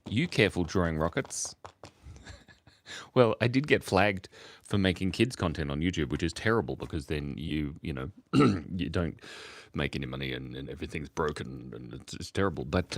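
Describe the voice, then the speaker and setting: Deep-voiced man chatting while drawing. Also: expressive, moderate pace, dry recording. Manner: rambling, giggly, self-mocking, talks while drawing. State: sleepy, early morning. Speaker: livestream host drawing for chat. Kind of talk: casual live-stream chat.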